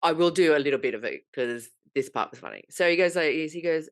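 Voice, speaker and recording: A woman co-hosting a casual podcast, with a voice a little lower than most. She tells stories with big swings, swears freely and plays out every line of the argument. The sound is dry and close to the mic. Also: fast talker, few pauses, no echo. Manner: animated storytelling, acts out quoted voices, swears freely. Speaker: podcast co-host. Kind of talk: casual chat.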